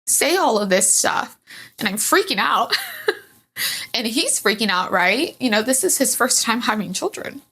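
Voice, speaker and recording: A woman's voice: on the high side, animated, measured pace, bright, forceful tone, husky. A woman telling her own story as a podcast guest, candid and emotional, rambling with fillers. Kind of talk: personal storytelling in a podcast interview.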